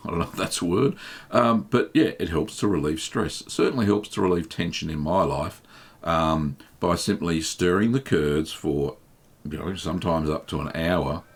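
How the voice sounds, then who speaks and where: Man, deep voice, live stream host, casual chat, relaxed, filler-heavy answers. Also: moderate pace, slightly rough. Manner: relaxed and chatty, reads chat messages aloud, many um fillers. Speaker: livestream host answering viewer questions.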